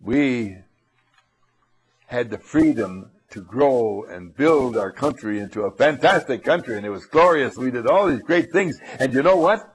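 A man's voice: medium pitch, expressive, a little slow, slightly rough, poor audio. A man doing a bragging German schoolboy.

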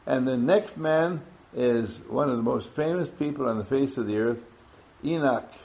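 Calling names to his group and teasing them in fun, a man leads a workshop roll call. He speaks at a normal speed in a mid-range voice that is creaky and a little mellow.

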